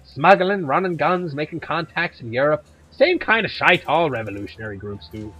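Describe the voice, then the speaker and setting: A gruff middle-aged Irish woman who hunts monsters, as a man puts her on, talking bluntly with an Irish accent that slides toward Scottish. Her husky voice sits fairly high and bounces around with lively pitch. Faint game music plays underneath. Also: moderate pace, highs cut off, full character voice. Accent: put-on Irish, drifting toward Scottish.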